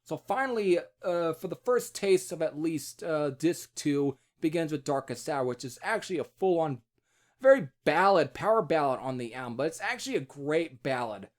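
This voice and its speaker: A man with a somewhat high voice talks through a music album review in a loose, unscripted way. He restarts sentences often, fills gaps with fillers and now and then throws in a curse. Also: expressive, moderate pace. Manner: rambling, many restarts and fillers, casual cursing. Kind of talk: casual spoken music review.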